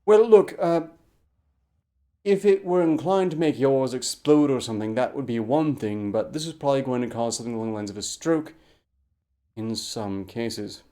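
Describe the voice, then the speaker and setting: A man co-hosting a casual livestream, commenting wryly with sudden loud outbursts. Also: mid-range voice, normal speed. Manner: wry, jumps into loud excited outbursts. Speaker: stream co-host commenting.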